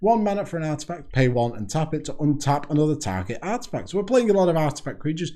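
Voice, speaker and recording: A man's voice: a little high, very animated, fast talker, warm tone. A man hosting a card game video, reading card text aloud and chatting through it casually, laughing at his own jokes. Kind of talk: casual deck review monologue.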